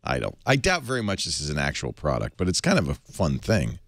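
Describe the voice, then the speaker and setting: A man hosting a tech podcast, reading an ad and chatting in an animated, jokey way. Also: extremely low pitch, fairly quick, no echo. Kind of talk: casual panel chat and ad read.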